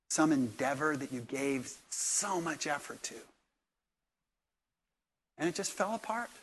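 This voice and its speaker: A middle-aged man, a pastor, preaching a sermon and telling stories, swinging from hushed, quiet lines to loud, lively ones. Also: medium pitch, a little hiss or hum.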